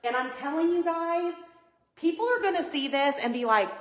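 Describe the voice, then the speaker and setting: A woman's voice: high-pitched, animated, fairly quick, echoey room, rough recording. A woman hosting a live Christmas decorating tutorial, chatty and upbeat, greeting viewers by name. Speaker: home decor livestream host. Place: home living room by a Christmas tree.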